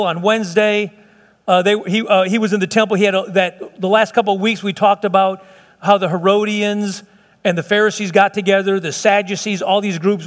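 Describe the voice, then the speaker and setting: A pastor delivers a sermon to his church. His voice sits high, and he preaches in a fervent, conversational way, circling back with repeated phrases and restarts. A long reverb trails his words through the sanctuary. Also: fairly bright tone.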